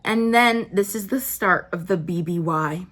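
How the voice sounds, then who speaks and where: A woman's voice: on the low side, unhurried, fairly bright tone. A young woman telling a story in a blunt, sarcastic way, swearing often, while doing her makeup at home. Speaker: beauty vlogger. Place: at home indoors.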